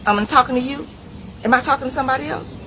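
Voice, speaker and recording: A middle-aged woman speaking, giving a preachy, animated motivational talk straight to the viewer. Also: high voice, quick pace, a little hiss or hum, poor audio. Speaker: inspirational speaker.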